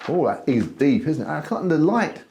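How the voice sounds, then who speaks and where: A man's voice: on the high side, very animated, moderate pace, a little mellow, slight background noise. A man hosting a casual wine-tasting chat, friendly and self-mocking, given to flowery phrasing. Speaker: wine show host.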